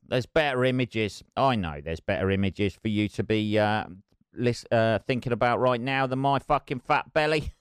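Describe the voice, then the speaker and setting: A man's voice: medium pitch, clear, resonant tone, no echo, clean studio sound. A middle-aged man hosting his solo podcast, rambling, sweary and self-mocking. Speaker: podcast host. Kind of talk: casual solo podcast chat.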